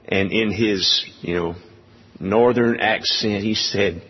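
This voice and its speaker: A man preaching a sermon, speaking in a measured way with many pauses. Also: lowish voice, breathy edge, big-room sound, muffled recording. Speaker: pastor.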